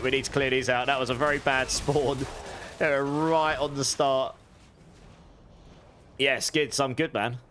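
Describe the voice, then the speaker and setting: An English man talks casually on a live game stream. He rambles, reads the chat and answers his viewers as he plays. His voice sits at an ordinary pitch for a man. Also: a bit bright, slight background noise. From England.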